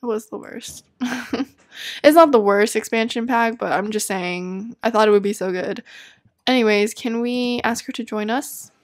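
A woman's voice: on the high side, normal speed. A young woman giving casual gameplay commentary, chatty and easily exasperated, laughing often. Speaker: let's play gamer.

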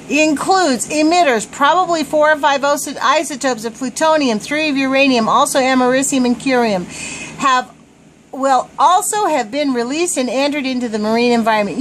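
High-pitched, indignant woman ranting. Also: fairly bright tone, a little hiss or hum, poor audio. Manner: indignant, swearing, stumbles over words. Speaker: vlogger reading a report aloud. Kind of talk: agitated screen-reading rant.

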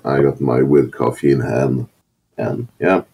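A man with a deep, husky French accent. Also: steady tone, warm tone. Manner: halting, rambling with many fillers. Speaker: caller on a live stream. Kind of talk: casual chat.

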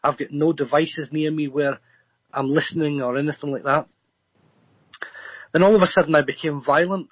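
A man's voice: on the high side, fairly even intonation, normal speed, pauses often, husky, no echo, highs cut off. A man, a guest psychic medium, telling a long story in an earnest, rambling way full of ums and restarts. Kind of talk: remote radio interview storytelling.

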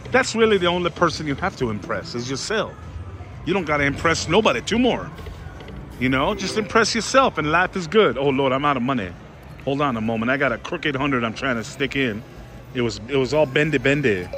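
A man vlogging at slot machines, talking to his viewers with sudden excited outbursts. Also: fairly high pitch. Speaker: casino vlogger. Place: casino floor. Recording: loud music behind voice. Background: loud casino machine music.

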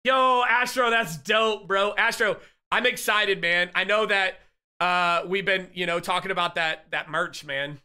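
Male gamer, live stream chat, high voice, very bright, excitable, swearing, a bit sick. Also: unhurried. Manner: excitable, profane, joking with chat. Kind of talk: casual live-stream chat while gaming.

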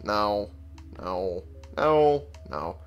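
A man's voice: on the low side, animated, drawn-out words, muffled recording. A man giving casual gameplay commentary, sarcastic and profane, talking back to the game's characters. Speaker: let's play gamer.

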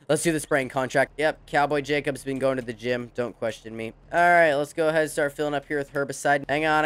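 A man's voice: medium pitch, fairly bright tone, clean tone. A young man hosting a farming game, giving casual joking commentary in a rambling, playful way. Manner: jokey, rambling, playful cowboy banter. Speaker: gaming channel host.

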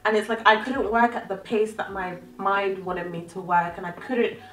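A woman's voice: medium pitch, fairly even intonation, moderate pace. A woman in her early twenties, a vlogger telling a personal story in a candid, emotional, conversational way. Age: early 20s. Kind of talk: confessional storytelling vlog. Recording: roomy, slightly distant, faint music.

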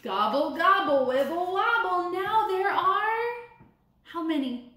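A woman teacher reading a counting story aloud to young children in a sing-song, animated way, coaxing them to count along. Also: very high-pitched, takes it slowly. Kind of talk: storybook read-aloud lesson. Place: classroom or learning center room. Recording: echoey room.

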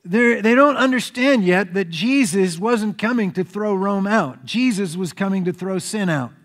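Man, pastor, animated sermon, long church reverb. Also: high-pitched, normal speed. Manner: animated storytelling preacher, acts out crowd shouts. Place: church sanctuary.

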